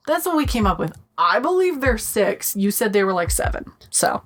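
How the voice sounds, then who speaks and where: A woman co-hosting a podcast in casual chat, animated and swearing freely as she acts out quotes. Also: medium pitch, normal speed, hardly any pauses. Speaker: podcast co-host.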